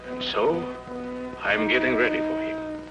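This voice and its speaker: An actor playing a gentle, devout shoemaker in an old film, earnest and pleading. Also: male voice, extremely high pitch, wildly swooping pitch, a little slow, dull audio, over loud music, full character voice. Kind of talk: 1950s film acting.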